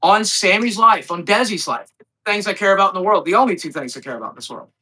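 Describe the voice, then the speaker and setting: A man's voice: sits high, lively intonation, quick pace, bright, forceful tone, husky, poor audio. A man co-hosting a live stream, arguing insistently and repeating his questions over and over. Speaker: stream co-host. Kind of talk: heated livestream argument.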